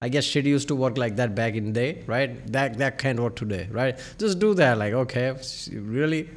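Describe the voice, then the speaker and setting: Mid-pitched male co-host, skeptical and musing, casual chat. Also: normal speed. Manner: skeptical, speculative questioning with many fillers. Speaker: podcast co-host.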